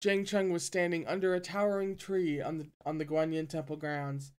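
A reader narrating a novel aloud in an even, steady way, with quiet asides between chapters. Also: medium pitch, moderate pace, clean tone. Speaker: audiobook reader.

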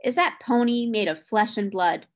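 A woman reading a stern gentleman horse owner. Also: on the high side, expressive, normal speed. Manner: stern, reproving. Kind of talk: reading a novel aloud.

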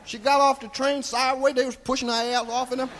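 A comedian playing a crude, rambling old Southern storyteller with a Southern US accent, drawling folksy tales on a live stand-up stage. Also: male voice, very high-pitched, little pitch movement, fast, a bit bright. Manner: drawling, folksy, keeps tagging lines with "see?". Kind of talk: live stand-up character monologue.

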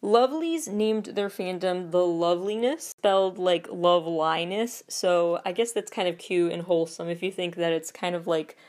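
Chatty woman with a lowish voice. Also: darkish tone. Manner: chatty, opinionated asides. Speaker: podcast host. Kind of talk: casual commentary.

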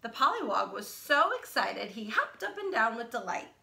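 A woman teacher reading a children's picture book aloud, animated and asking her listeners questions. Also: a little high, moderate pace, vocal fry. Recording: echoey room.

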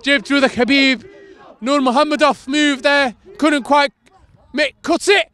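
A man with a Mancunian accent calls an amateur football match from the pitchside, his voice very high and bright. He shouts in bursts of excitement and throws in the odd swear. The sound is outdoors. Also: takes it slowly. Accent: Mancunian English. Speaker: sideline commentator and team manager.

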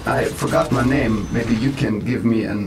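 A man doing a comic interview in character as a toy robot, speaking in halting, simple phrases. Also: mid-range voice, fairly even intonation, over music. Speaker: interviewer in costume.

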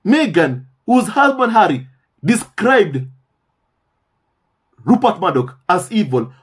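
A man's voice: high-pitched, big pitch swings, takes it slowly, long pauses, a bit bright, slightly rough. A man hosting a commentary channel, talking in a casual monologue, emphatic and repeating phrases for stress, often calling his viewers "my family".

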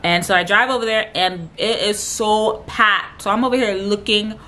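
A woman's voice: fairly even intonation, normal speed, pushed and bright, slight background noise. Chatty young woman telling her story. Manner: chatty and rambling, fills gaps with "da, da, da" and "blah, blah"; acts out other people's lines in a much higher voice. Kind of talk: casual storytime chat.

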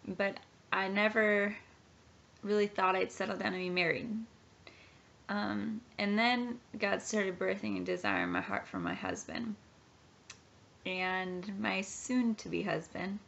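Taking it slowly, a thirtysomething woman offers her Christian testimony in a home vlog, earnest and heartfelt. Her mid-range voice carries vocal fry and a fairly bright tone; the setting is a home nursery and the audio is dull and lo-fi.

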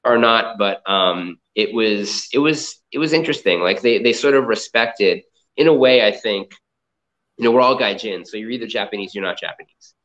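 A man from the Boston area, a comic art collector and entrepreneur, talks in a fairly low, fairly bright voice at a moderate pace during a casual interview. He winds through rambling stories with plenty of "like" and "you know," and the audio sounds dull and lo-fi, as if over a video call.

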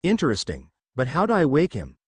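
A man's voice: a little high, huge pitch swings, a little fast, a little mellow, husky, no echo, full character voice. A man reading as a brash young ninja. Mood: eager. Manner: bitter, brash.

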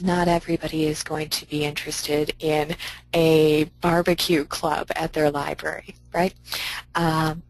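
A woman library director gives a conference presentation in an upbeat, conversational way, offering practical advice. Her voice sits a little low. The sound is dry and close, with no room echo.

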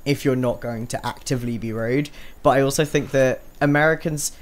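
A man co-hosting a radio chat show, lively and opinionated, quick to laugh and to launch into a rant. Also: medium pitch. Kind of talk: casual studio chat.

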